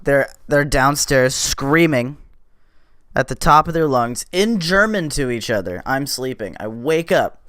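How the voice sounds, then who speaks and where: A man hosting a podcast, telling a story in a casual, animated way, swearing freely and getting louder as it builds. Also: mid-range voice, a little slow, clean tone, no echo, studio quality. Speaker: podcast host.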